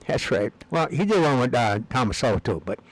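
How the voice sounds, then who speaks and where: A man's voice: mid-range voice, very animated, fairly quick, dry recording, poor audio. A man talking in a rambling, casual monologue, meandering and repeating words with many fillers. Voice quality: gravelly. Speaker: video blogger.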